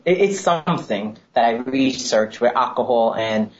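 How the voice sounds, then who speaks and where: Animated, chatty young woman, lo-fi sound. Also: extremely low pitch, moderate pace. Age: 20s. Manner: chatty storyteller, laughs often, animated quoting. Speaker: co-host. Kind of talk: casual chat. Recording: dull lo-fi sound.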